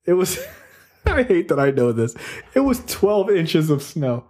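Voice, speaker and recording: A man's voice: a little high, big pitch swings, measured pace, a little mellow. A man in his thirties co-hosting a podcast in casual chat, teasing his friends and laughing often. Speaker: podcast co-host.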